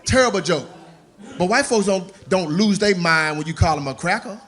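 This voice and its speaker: A male stand-up comedian performing a set with an animated, punchy delivery. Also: sits high, normal speed.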